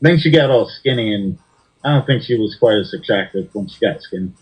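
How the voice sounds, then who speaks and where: A man's voice: fairly low pitch, lively intonation, a little fast, a little mellow, husky, rough recording. A man co-hosting a casual podcast chat in a laid-back, profane way.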